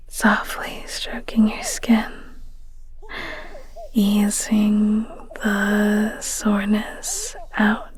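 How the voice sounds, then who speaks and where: A woman's voice: medium pitch, vocal fry, darkish tone. A young adult woman doing whispered role-play as a caring, teasing girlfriend comforting a sick partner. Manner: tender, teasing, giggly girlfriend talk. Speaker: audio role-play performer.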